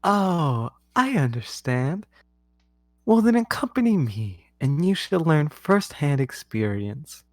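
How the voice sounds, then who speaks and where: A shrill, imperious queen, put on by a man in a tabletop game. Her voice rises high and theatrical, and she speaks slowly. The sound is dry and close. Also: big pitch swings, no room sound. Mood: grandly gracious. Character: haughty imperious queen, quick to rage.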